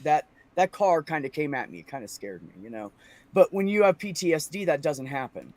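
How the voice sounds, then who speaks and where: A man's voice: a little high, brisk, no echo. A frustrated man in casual podcast chat, telling a story with lots of swearing and mimicking the voices of the people in it. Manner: venting, profane, animated storytelling.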